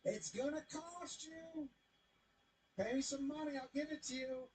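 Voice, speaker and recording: A man's voice: extremely high pitch, fairly even intonation, darkish tone, voice pushed up, poor audio. A man doing a sly greedy catcher. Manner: slow, sly, wheedling. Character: greedy male catcher holding out for money.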